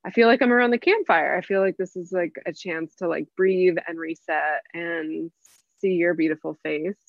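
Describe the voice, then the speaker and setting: A candid, rambling woman from San Diego talks as a guest chef, her voice sitting slightly low. Her sound is muffled and dull, recorded close and dry without room echo. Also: moderate pace, vocal fry. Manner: candid, rambling, laughs often and swears. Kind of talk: casual conversational interview.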